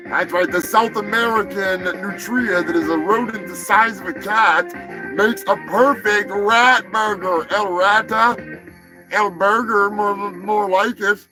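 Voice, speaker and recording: A man hosting a live comedy show, rattling off odd news stories with lots of swearing and sudden shouted bits. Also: high voice, a little slow, over music, poor audio. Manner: profane, rowdy, breaks into shouting bits. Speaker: show host.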